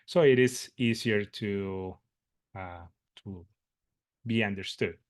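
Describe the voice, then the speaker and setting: A man presenting at a workshop, an interpreter who tells a work story in an earnest, meandering way, pausing to find his words. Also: fairly low pitch, no room sound, clean studio sound. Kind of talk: conversational workshop talk, telling a work story.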